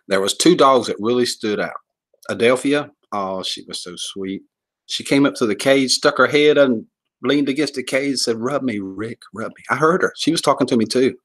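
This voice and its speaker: A man's voice: mid-range voice, a bit bright. A man hosting a casual livestream, joking, laughing often and rambling as he greets viewers and reads comments. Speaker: livestream host.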